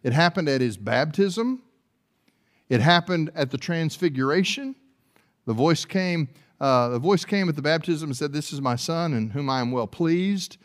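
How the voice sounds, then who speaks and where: A man preaching a sermon, often repeating and restarting words, building from quiet passages up to loud, forceful preaching. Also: a little high, lively intonation, moderate pace. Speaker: pastor.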